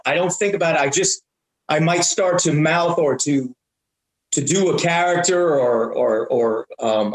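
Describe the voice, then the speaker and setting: A man in his fifties, a comedian guest in a casual interview, talking bluntly with lots of restarts and the odd curse. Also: on the high side. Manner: halting, many restarts, blunt and profane. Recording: roomy echo.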